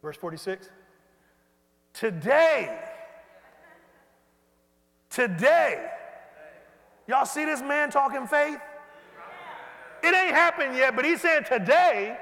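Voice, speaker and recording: A man preaching an animated sermon and leading the congregation in call-and-response. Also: extremely high pitch, slow pace, long pauses. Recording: hall reverb.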